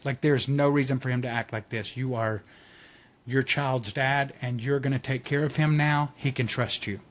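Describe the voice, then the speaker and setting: A man's voice: medium pitch, steady tone, moderate pace. A man on a podcast telling a personal story in casual chat, acting out quotes and laughing often.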